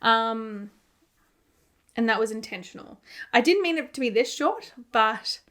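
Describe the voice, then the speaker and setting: Chatty woman with a higher voice. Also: expressive, measured pace, a bit bright. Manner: chatty and rambling, often says "like"; self-deprecating, laughs at her own mishaps. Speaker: knitting podcast host. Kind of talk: casual chat.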